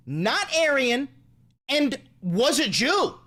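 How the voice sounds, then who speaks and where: An American man doing live stand-up comedy on stage, with brash, crude and excitable rants. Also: very high-pitched, takes it slowly. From United States.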